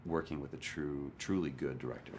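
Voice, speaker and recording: A man, an actor, candidly recounting a hard day on set in a documentary interview, sometimes dropping to a hush. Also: very deep voice, fairly quick, a little hiss or hum. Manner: candid, animated storytelling, drops to a hush for quotes. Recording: interview with score under it.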